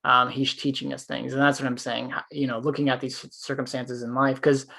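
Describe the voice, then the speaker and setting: A man's voice: mid-range voice, little pitch movement, a little fast, creaky, sharp tone. A man co-hosting a podcast, telling a long story in casual conversation, rambling with fillers. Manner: former police officer. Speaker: podcast co-host.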